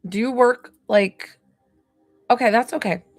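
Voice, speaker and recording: A tired woman rambles through a live psychic reading, full of little fillers and trailing thoughts. Her voice has a gravelly fry to it, and the sound is close and dry with no room around it. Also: on the high side, measured pace, dry recording, soft background music. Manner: chatty, rambling, hesitant with fillers. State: tired, yawning. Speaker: psychic medium. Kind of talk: live-stream medium reading.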